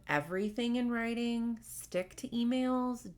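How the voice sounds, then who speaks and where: A woman's voice: lowish voice, measured pace. A woman hosting a podcast, giving frank, casual workplace advice with plenty of fillers. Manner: frank, conversational, with many fillers. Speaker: podcast host.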